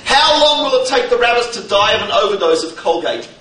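Man, lecturer, humorous talk, rhetorical questions, distant mic, booming echo, faint background noise. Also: brisk. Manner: animated, fires rhetorical questions at the audience. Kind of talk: humorous lecture to a live audience.

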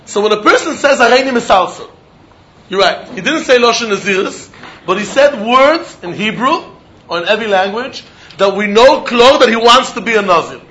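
High-voiced man giving a Talmud class. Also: sharp tone, highs cut off, slight background noise. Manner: Yiddish-laced English, chanting question-and-answer. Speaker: Talmud teacher. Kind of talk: Talmud lecture.

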